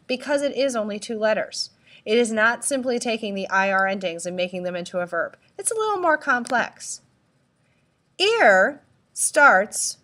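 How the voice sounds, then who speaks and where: A woman teacher giving a recorded tutorial, speaking slowly and deliberately, spelling out letters and asking listeners to repeat. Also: a little high, fairly bright tone. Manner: slow, deliberate, spells out letters and prompts repetition. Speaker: Spanish teacher.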